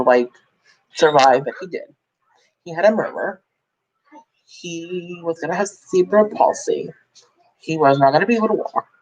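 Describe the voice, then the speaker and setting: A woman's voice: low voice, rough recording. A woman vlogger telling a personal story in a candid, rambling way, full of fillers and restarts.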